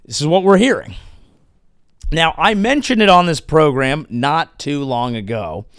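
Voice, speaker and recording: A man's voice: on the high side, measured pace, dry recording, clean studio sound. A male comedian hosting a show, delivering a sarcastic, profane political monologue. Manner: sarcastic, animated, profane ranting. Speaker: comedian host.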